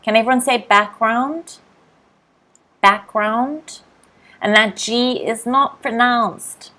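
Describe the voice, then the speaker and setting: A young woman with an Australian accent teaching English vocabulary in a live online lesson, repeating each word slowly and greeting viewers by name. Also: on the high side, fairly even intonation, sharp tone. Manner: slow, drilled word repetition.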